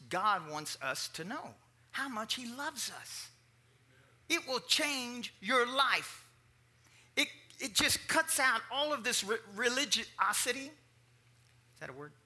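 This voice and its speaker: A male preacher delivering a sermon with a high, lively voice that rises and dips all over. His tone is bright and cutting, and he talks in a casual, joking way with his congregation between points. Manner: joking asides, animated and conversational.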